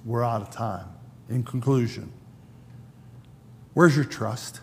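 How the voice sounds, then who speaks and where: A man's voice: mid-range voice, takes it slowly, darkish tone, long reverb tail, a little hiss or hum. A man preaching a sermon in a conversational way, acting out quoted lines with a raised voice. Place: church sanctuary.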